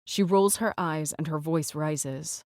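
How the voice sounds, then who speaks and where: A woman reads a first-person audiobook in a measured, clipped way with tension under the lines. Her voice is on the lower side. The sound is close and dry, with no room echo. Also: a little mellow. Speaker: audiobook narrator. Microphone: close studio mic.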